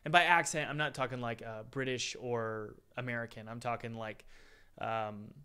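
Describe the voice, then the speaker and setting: A man's voice: mid-range voice, steady tone, normal speed, bright, forceful tone, clean tone. A man hosting a live-stream Q&A, chatty and upbeat, calling his viewers guys. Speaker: game dev course host answering live chat.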